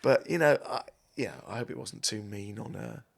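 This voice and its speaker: Gravelly middle-aged man, rambling casual podcast chat, self-deprecating. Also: fairly low pitch, moderate pace. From South East London. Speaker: podcast guest, comedic actor.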